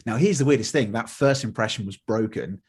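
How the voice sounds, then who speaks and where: A man's voice: fairly low pitch, a little fast, husky. A middle-aged man, a motivational speaker telling stories in an interview and acting out the dialogue in different voices. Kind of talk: conversational storytelling.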